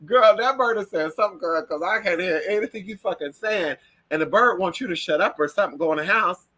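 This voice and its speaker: A man hosting a casual livestream, telling stories in a sassy, profane, animated way and breaking into shrill voices for the people and birds he mimics. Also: brisk. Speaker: livestream host. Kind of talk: casual gossip chat.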